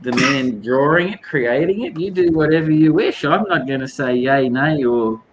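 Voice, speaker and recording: A man's voice: medium pitch, lively intonation, normal speed, dull audio, slight background noise. A man chatting casually as a comic creator, effusive and jokey, laughing often. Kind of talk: casual video chat.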